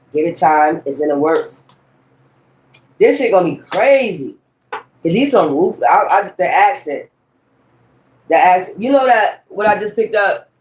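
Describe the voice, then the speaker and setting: Guy w/ a high voice doing a tarot reading, cussing and rambling, roomy echo. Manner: blunt, profane, rambling. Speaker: tarot reader. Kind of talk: casual tarot reading monologue.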